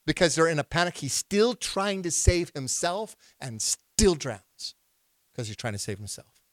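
A male pastor preaching a sermon, asking the congregation questions and building to loud, emphatic bursts. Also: fairly high pitch, big pitch swings, unhurried, no room sound.

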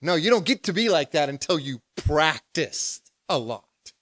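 A man pastor preaching a discipleship lesson in a lively, humorous, conversational way, acting out prayers. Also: fairly high pitch, unhurried, no echo, clean studio sound. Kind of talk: sermon.

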